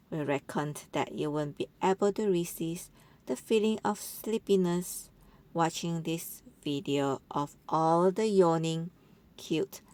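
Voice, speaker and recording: A woman's voice: low-pitched, darkish tone. A woman narrating a voice-over for an animal compilation, gushing and cooing over how cute the animals are. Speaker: channel narrator.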